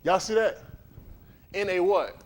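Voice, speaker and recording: A man's voice: high-pitched, unhurried. A man preaching a livestreamed sermon in a conversational way, often putting questions to the congregation. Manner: animated, conversational, quizzes the congregation.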